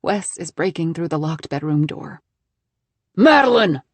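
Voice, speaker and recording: Husky-voiced woman narrating a thriller. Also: low-pitched, fairly even intonation, moderate pace, mellow, no room sound. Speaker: audiobook narrator.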